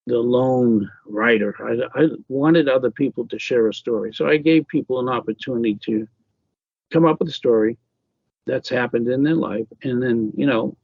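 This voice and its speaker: A man being interviewed as an author, talking casually in a halting way with many fillers and restarts. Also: mid-range voice, creaky, no room sound, muffled recording. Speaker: author guest.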